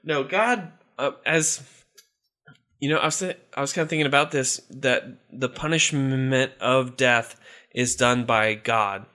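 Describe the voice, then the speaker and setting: A man's voice: mid-range voice, measured pace, pushed and bright. A man hosting a casual chat, rambling and chuckling as he talks, often restarting his sentences. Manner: rambling, chuckling, self-interrupting.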